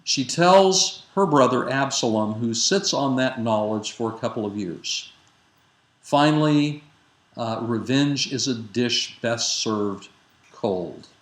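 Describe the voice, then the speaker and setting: A man giving a lecture that retells a biblical narrative. He speaks in a measured way, with frequent fillers and self-corrections. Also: medium pitch. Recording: roomy echo with faint background noise.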